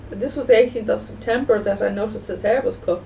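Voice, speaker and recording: Soft music plays behind a woman vlogger speaking fast in a medium-pitched, slightly mellow voice with vocal fry. Talking casually to the camera, she rambles and repeats herself with many restarts, captured by a distant mic with faint background noise.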